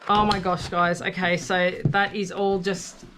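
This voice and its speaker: A woman presenting a casual craft haul video, gushing and excitable as she shows off her finds. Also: on the low side, unhurried, noisy background. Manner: gushing, excitable, gasps and coos over paper. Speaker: craft vlogger.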